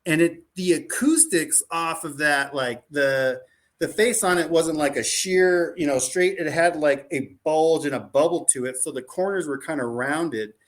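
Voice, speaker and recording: A man guesting on a podcast, telling stories in an animated, rambling way. His voice sits a bit higher than most men's. He loses his thread often and fills the gaps with "like" and restarts. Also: a little slow. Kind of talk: casual storytelling chat.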